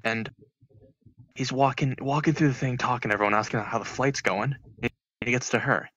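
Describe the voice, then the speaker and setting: A man's voice: mid-range voice, brisk, a bit bright, lo-fi sound. A man telling a long joke in a casual online voice chat, rambling with many restarts and filler words.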